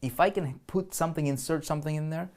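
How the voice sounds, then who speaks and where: In a slightly high, somewhat mellow voice, a man speeds through an online marketing lesson as a screen-share walkthrough. He thinks aloud, checks in with listeners a lot, and often restarts and repeats words.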